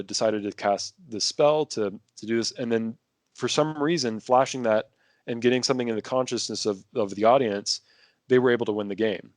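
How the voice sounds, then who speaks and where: A man's voice: mid-range voice, no room sound, clean studio sound. A man talking casually as a podcast guest, rambling with many restarts and fillers. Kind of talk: casual conversation.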